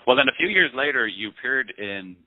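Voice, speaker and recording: A man's voice: medium pitch, lively intonation, brisk, no echo. A man with an Irish accent, a film critic interviewing a guest and asking prepared questions. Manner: prepared questions, short backchannel replies. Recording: dry, tinny phone line.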